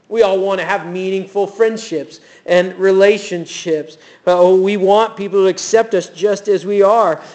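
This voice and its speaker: A man with a high voice delivers a sermon in a church. He tells the story with animated energy and acts out the voices of the people in it. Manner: animated storytelling, acting out quotes. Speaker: pastor.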